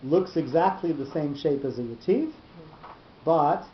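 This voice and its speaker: Teaching a Torah class in an echoey room, a man speaks in a slightly high voice, animated and at a measured pace. He explains step by step, frequently repeating words as he collects his thoughts, over dull audio with a faint underlying rumble.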